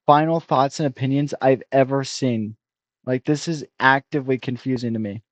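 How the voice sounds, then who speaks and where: A man in his twenties streaming a blunt, rambling reaction, critical and quick to restart his sentences. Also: mid-range voice, fairly even intonation, no room sound. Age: 20s. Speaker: streamer reacting to a review video. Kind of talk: casual rambling reaction commentary.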